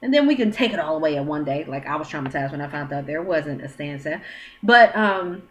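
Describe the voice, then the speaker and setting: A woman's voice: low voice, animated, fairly quick, a little hiss or hum. A woman in her thirties giving dating advice straight to camera at home, in a frank, chatty way. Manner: frank and chatty, with quoted dialogue and questions. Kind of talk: casual advice monologue. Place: at home, with her child nearby.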